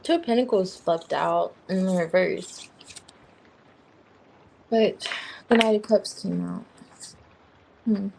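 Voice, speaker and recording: A woman's voice: medium pitch, slow pace, vocal fry, pauses often, noisy background. A woman giving a tarot reading on a livestream, thinking aloud as she turns over cards. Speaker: tarot reader.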